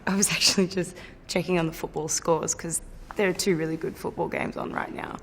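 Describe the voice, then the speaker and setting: A woman with an Australian accent, telling lively stories and chatting as a guest on talk shows. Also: lowish voice, fairly quick, creaky, slight background noise. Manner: lively storyteller, acts out quoted voices.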